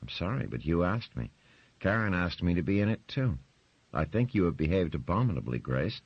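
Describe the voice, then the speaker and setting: A man voicing a composed young woman who speaks calmly and evenly, in a dry, slightly muffled recording. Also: deep voice, brisk, slightly rough, no room sound, voice pushed up, full character voice. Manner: calm and level.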